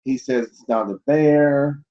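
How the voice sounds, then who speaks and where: Slow and mellow, his mid-range voice comes through with lo-fi sound. As host of a laid-back cryptid livestream, he reads out bizarre news stories and chuckles as he offers skeptical, blunt commentary.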